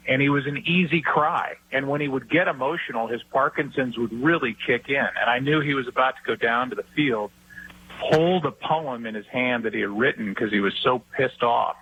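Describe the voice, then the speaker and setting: A middle-aged man, a sports broadcaster, telling stories and giving his view in a relaxed talk-show interview. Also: medium pitch, slightly rough, poor audio.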